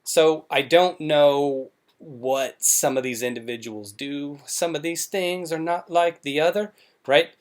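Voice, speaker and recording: A man's voice: a little high, takes it slowly. A man hosting a commentary show, talking in a sarcastic, mocking way.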